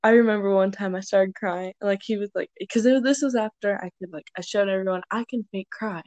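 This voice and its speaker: A young woman telling rambling stories in casual chat, often breaking into loud impressions of her friends. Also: medium pitch, brisk, no room sound, highs cut off. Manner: chatty storytelling, rambling with fillers; shouts playful impressions of friends.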